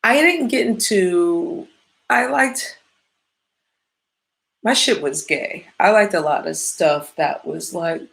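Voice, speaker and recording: A woman's voice: medium pitch, animated, slow, creaky, long pauses, a bit bright. A woman from the American Midwest chatting casually as a podcast host, rambling, swearing freely and often losing her train of thought. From Midwestern United States. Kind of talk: casual chat.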